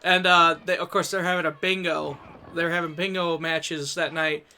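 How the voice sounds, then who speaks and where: A man's voice: on the high side, flat delivery, moderate pace, bright, forceful tone, a little hiss or hum. A man rambling through crude wrestling anecdotes during casual gaming banter, often laughing. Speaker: gaming streamer.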